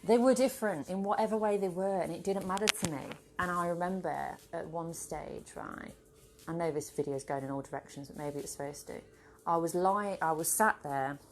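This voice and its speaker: A woman vlogging casually to a camera on a tripod at home, rambling and swearing freely. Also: on the low side. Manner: rambling, swears freely, bursts into laughter and playful voices. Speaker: spiritual vlogger. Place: home with her dog.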